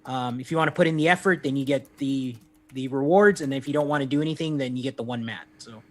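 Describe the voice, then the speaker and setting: A man's voice: medium pitch, fast. A man co-hosting a casual gaming stream, talking in a laid-back way with lots of fillers and repeats. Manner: laid-back, hesitant, filler-heavy, calls people man.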